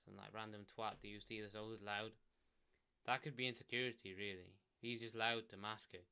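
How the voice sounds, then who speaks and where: Relaxed low-voiced man rambling advice. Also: brisk, smooth. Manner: rambling, lots of "like", restarts, relaxed. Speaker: self-help vlogger. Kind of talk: casual solo advice talk. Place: indoors, sitting in a chair. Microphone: desk microphone.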